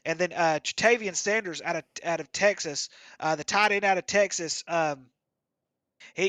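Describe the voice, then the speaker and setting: A man co-hosting a football show, talking over draft picks in casual chat, halting with fillers and restarts. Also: sits high, a bit bright, no echo.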